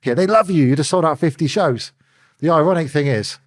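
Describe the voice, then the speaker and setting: A middle-aged former bodyguard, appearing as an interview guest, tells candid stories and acts out the phone calls he describes. He talks fast in a fairly high-pitched voice, an animated storyteller.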